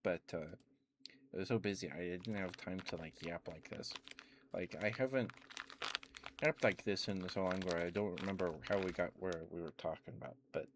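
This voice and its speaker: A young man rambling through relaxed ASMR chat on a stream, with lots of filler words, at a close mic. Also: low voice, moderate pace, noisy background. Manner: rambling, meandering, full of "like" and "um" fillers. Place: home streaming setup.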